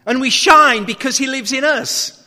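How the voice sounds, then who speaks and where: A man preaching a sermon, reading scripture and then explaining it with emphatic, measured phrasing and long dramatic pauses. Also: very high-pitched, sharp tone. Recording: long reverb of a hall.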